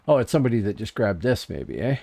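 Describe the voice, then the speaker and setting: A man's voice: on the low side, sing-song, fast talker, gravelly, mellow. A man streaming an online game, chatting casually as he plays and answers viewers in chat. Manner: chatty, musing aloud, reading chat. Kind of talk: casual gameplay commentary.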